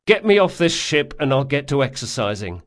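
Male reader as wounded young rogue: higher, louder, sarcastic and petulant. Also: sing-song, fairly quick, close to an everyday voice. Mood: sarcastic, irritable.

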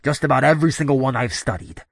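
An actor playing an earnest middle-aged male professor of the paranormal, measured and insistent. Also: mid-range voice, vocal fry, breathy edge. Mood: grave. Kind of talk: audio drama acting.

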